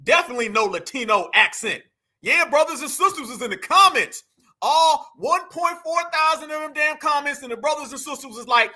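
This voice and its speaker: A man's voice: very high voice, normal speed, sharp tone. A man, hosting casual reaction commentary, emphatic and profane, calling his viewers fam. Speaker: commentary channel host.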